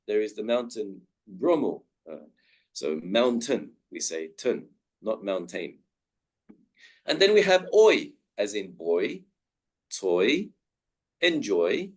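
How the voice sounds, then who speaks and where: A young man, giving a webinar lecture and carefully modelling the sound of each word aloud. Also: medium pitch. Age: young adult. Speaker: guest speaker teaching pronunciation.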